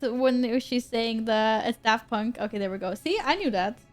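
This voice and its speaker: A woman's voice: fairly high pitch, moderate pace, faint music behind. A woman streamer chatting casually and giggling with her chat as she plays. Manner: bubbly, giggly, talks to chat. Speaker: game streamer.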